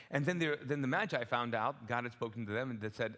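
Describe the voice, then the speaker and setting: A man's voice: medium pitch, fast talker, sharp tone. A middle-aged man from the Middle East, preaching a sermon as a pastor in a church auditorium, conversational and joking, acting out voices. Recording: long hall reverb.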